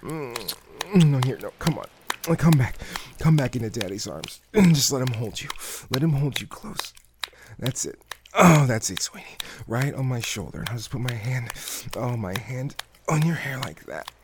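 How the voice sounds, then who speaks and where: A man doing intimate audio role-play, murmuring softly with frequent hums and sighs. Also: mid-range voice, expressive, normal speed, background noise.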